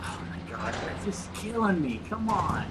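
A man's voice: high-pitched, big pitch swings, a little slow, very noisy. A man with the hiccups giving casual, joking commentary while playing a video game, laughing often. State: has the hiccups. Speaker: let's play co-host.

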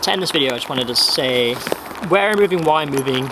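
A man's voice: a little high, lively intonation, fast talker, background noise. A young man talking casually and wryly to the camera from a dim room at his desk, meandering and laughing at himself. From Wales. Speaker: vlogger. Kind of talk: casual rambling vlog.

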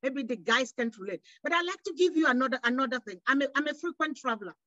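Impassioned high-pitched woman from West Africa. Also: lively intonation, quick pace, sharp tone, no echo, lo-fi sound. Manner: impassioned, rhetorical questions, frequent restarts. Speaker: panelist. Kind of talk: panel discussion.

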